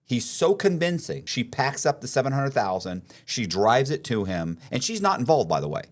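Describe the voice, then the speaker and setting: A man, the guest on an interview podcast, telling a story in an animated way and acting out bits of dialogue. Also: medium pitch, moderate pace. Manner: animated, acts out dialogue, frequent restarts.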